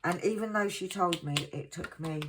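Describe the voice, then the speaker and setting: Chatty low-voiced woman vlogger. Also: moderate pace, noisy background. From England. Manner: chatty, self-mocking, laughs easily. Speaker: craft vlogger. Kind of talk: casual chat to viewers.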